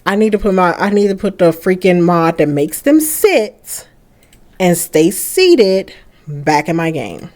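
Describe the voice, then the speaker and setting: A young woman giving casual let's-play commentary on a life-simulation game, chatty and animated. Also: on the low side, a little slow. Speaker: gaming creator.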